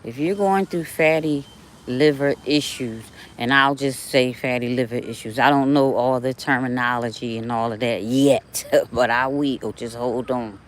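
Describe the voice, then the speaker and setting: An older woman talking casually to her viewers while she walks outdoors, with a chatty and animated manner. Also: rumbling low, a little slow. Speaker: vlogger. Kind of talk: casual walking vlog. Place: outdoors on a neighborhood walk. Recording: faint outdoor noise.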